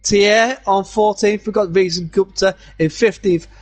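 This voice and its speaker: A man giving casual live commentary on an online racing league, chatty and halting with many fillers. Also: high voice, steady tone, faint music behind.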